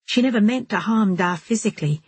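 A woman voicing a calm, steady young man who speaks gently and earnestly in an audiobook. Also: mid-range voice, fairly quick, slightly rough, no echo, close to an everyday voice.

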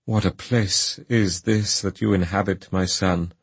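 A man's voice: deep voice, fairly even intonation, unhurried, breathy edge, no echo, exaggerated voice. A man voicing a tender, sorrowful elderly father who speaks mournfully.

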